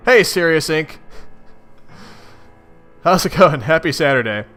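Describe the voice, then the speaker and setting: A young man casually reading a webcomic aloud and reacting in a chatty, expressive way. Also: a little high, a little slow, soft background music. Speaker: reader of a webcomic. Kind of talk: casual read-along with reactions.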